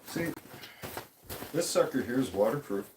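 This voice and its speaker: A man's voice: mid-range voice, expressive, measured pace, background noise. A man ranting in a vlog, blunt and profane, rambling and restarting his sentences. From Canada. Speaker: vlogger.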